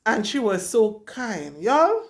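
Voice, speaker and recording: A woman's voice: fairly high pitch, big pitch swings, slow pace. Dramatic young woman storyteller. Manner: candid, dramatic, emphatic retelling. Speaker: vlogger. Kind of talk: casual storytelling to camera.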